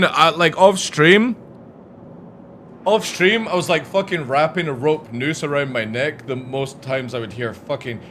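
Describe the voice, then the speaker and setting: A young male streamer rants in a bright, edgy voice. His pitch swings widely as he swears. He sounds exasperated and keeps the talk loose. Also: slight background noise. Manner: profane, exasperated ranting. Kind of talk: ranting gaming stream talk.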